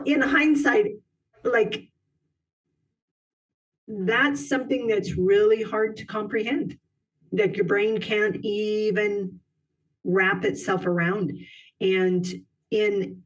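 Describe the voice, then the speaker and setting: A middle-aged woman telling a personal story as a podcast guest, halting, with many pauses and restarts. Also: medium pitch, far from the mic, dull audio.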